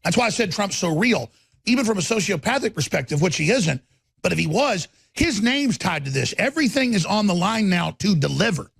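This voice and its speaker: A man's voice: high-pitched, very animated, fairly quick, vocal fry, fairly bright tone, breathy edge, no echo. A man hosting a talk show, delivering a rambling, impassioned monologue into a studio microphone.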